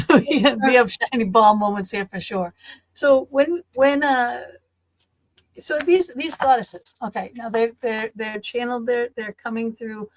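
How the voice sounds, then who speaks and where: A woman's voice: on the high side, a little slow, no room sound. A woman with a Boston accent hosting a casual podcast, chatty and prone to tangents. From Massachusetts. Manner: chatty, laughs often, tangents. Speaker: podcast host.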